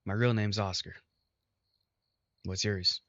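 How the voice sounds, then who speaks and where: A man voicing a rough young male minotaur who scolds bluntly and swears constantly. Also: on the low side, steady tone, takes it slowly, a bit bright, no room sound, highs cut off.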